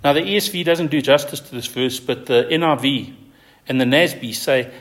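A man preaching a sermon as pastor, stressing key words with repetition and rising to high emphatic peaks. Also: brisk.

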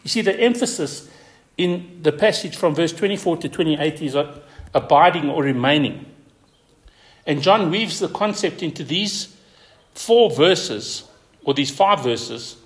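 A male pastor delivering a sermon with emphatic force. His voice sits a little high and rises sharply when he drives a word home. He repeats key words to stress them.

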